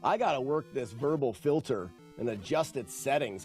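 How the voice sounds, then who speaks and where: A man's voice: medium pitch, animated, normal speed, darkish tone, soft background music. A man streaming a game and commenting casually, rambling and self-mocking, often laughing and swearing. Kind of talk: casual live gameplay commentary.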